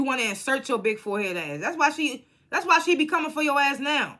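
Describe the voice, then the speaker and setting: Woman, casual recap vlogger, bright, blunt and profane, animated storyteller. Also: medium pitch, a little fast, hardly any pauses.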